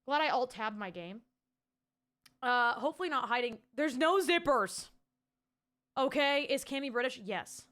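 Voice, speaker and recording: Female streamer, casual and profane, smooth clear voice, talking to chat from home. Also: high voice, lively intonation, unhurried, long pauses, fairly bright tone. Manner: chatty, rambling and casually profane. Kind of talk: casual live-stream chat reading out viewer messages.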